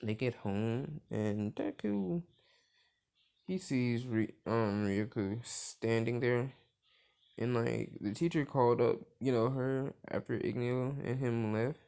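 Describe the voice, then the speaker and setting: A man's voice: mid-range voice, takes it slowly, gravelly, a little mellow, clean tone. A young man casually retelling a fan story, rambling with lots of filler words and profanity.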